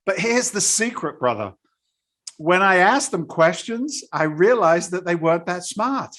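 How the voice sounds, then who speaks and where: Blunt, animated man. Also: sits high, a little slow. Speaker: guest, real estate investor. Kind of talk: casual interview storytelling.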